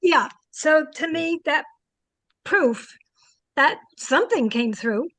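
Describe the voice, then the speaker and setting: A middle-aged woman, a psychic guest, telling lively anecdotes with many fillers in an interview. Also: high-pitched, takes it slowly, no room sound, rough recording. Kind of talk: storytelling interview answers.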